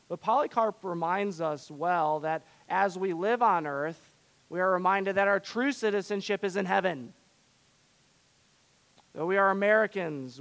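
Emphatic male preacher, pitch on the high side. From southern suburbs of Chicago. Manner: emphatic preaching with wide swings between loud and hushed. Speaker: pastor. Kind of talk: sermon.

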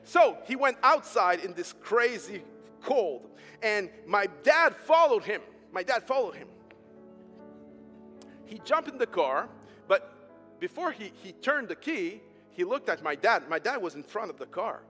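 A man preaching a storytelling sermon, emphatic, swinging between loud and soft. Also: high-pitched, sing-song, measured pace. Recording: hall reverb with faint music behind.

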